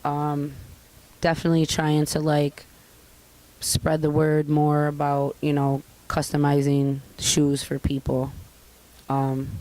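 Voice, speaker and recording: A young woman chatting casually as an interview guest, candid and profane, telling stories with lively put-on voices. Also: low-pitched, slow pace, rough recording. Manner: candid, profane, animated storytelling. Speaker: guest artist.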